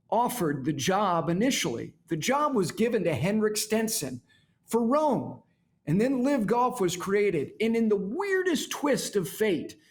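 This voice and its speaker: A middle-aged man hosting a golf talk show, delivering an emphatic studio monologue that repeats key words to drive points home. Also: high voice.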